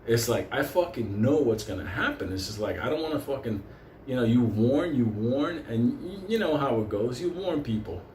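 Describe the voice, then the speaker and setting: A man's voice: medium pitch, lively intonation, moderate pace, darkish tone, a little hiss or hum. A man telling a street-fight story from his youth in a loose, profane, rambling way, often breaking into laughs. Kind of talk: casual storytelling. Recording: echoey room with faint ambience.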